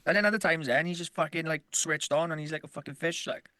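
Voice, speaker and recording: A man's voice: fairly high pitch, quick pace, sharp tone. A man co-hosting a podcast in casual chat, rambling and swearing, often laughing. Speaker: podcast co-host.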